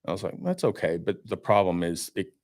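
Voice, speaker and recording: A low-voiced man talks in a podcast studio, recorded close and dry. He tells his story with animation and plays out his own reactions as he goes. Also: flat delivery, a little fast, darkish tone, no room sound. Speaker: guest, marine winch maker. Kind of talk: casual studio podcast chat.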